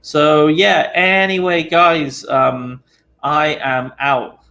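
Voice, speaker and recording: A young man from the United Kingdom hosting a live stream, chatting casually with viewers, tired and relaxed, with lots of fillers. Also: a little high, extremely slow, vocal fry. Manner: relaxed, chatty, many fillers, laughs easily.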